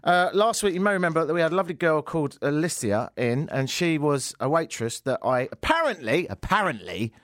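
A man's voice: a little high, very animated, brisk, few pauses, a bit bright, no room sound. A British man hosting a radio talk show, delivering a sarcastic, mock-outraged comedic monologue into a studio microphone. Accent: British English. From Britain.

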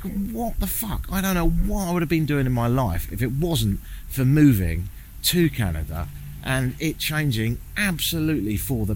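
A man's voice: medium pitch, slight background noise. Wry British man vlogging outdoors. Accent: British English. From Britain. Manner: chatty, wry, swearing, earnest. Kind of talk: walking vlog monologue. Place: outdoors in a small mountain town.

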